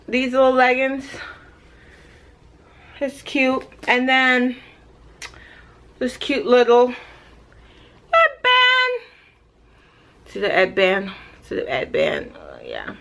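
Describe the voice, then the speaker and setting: A woman's voice: fairly high pitch, fairly bright tone. A woman from Jamaica, in her thirties, chatting casually in a pregnancy update vlog, playful and self-mocking, talking to a camera mic. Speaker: vlogger.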